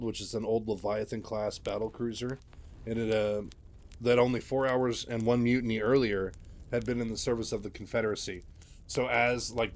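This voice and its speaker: Chatty man retelling game lore. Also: medium pitch. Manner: loose, chatty, frequent fillers. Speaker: lore narrator.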